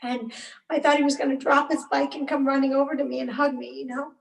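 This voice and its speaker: Woman in her 40s, high gravelly voice, heated and halting guest account, caught by a distant mic in an echoey room. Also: flat delivery. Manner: emotionally charged, halting, with bursts of anger. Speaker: interview guest. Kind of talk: personal account in a podcast interview.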